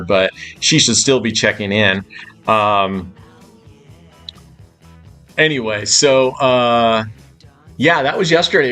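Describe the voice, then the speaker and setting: A man's voice: mid-range voice, fairly bright tone. Rambling, foul-mouthed casual man. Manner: swears freely, chatty and loose. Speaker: casino live-stream host. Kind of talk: casual rambling live stream. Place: hotel suite.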